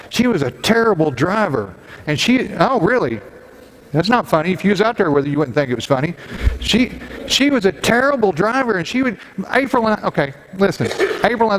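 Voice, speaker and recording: A middle-aged man, a pastor giving a Mother's Day sermon and telling a personal story with gentle humor. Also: fairly high pitch. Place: church sanctuary. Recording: long hall reverb, faint background noise.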